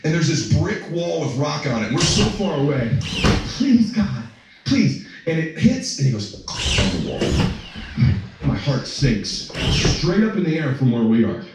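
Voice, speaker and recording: A man telling a personal story as a father, emotional and breathless, swearing and breaking into shouts. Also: on the high side, sing-song, moderate pace, few pauses, heavy background noise. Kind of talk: animated storytelling to an audience. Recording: echoey room from far off with music.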